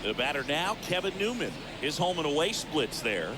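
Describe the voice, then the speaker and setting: An actor playing a baseball play-by-play announcer in a video game, with punchy, excitable calls on big plays. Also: male voice, fairly high pitch, normal speed, background noise. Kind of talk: broadcast sports commentary. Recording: game audio with loud crowd and music.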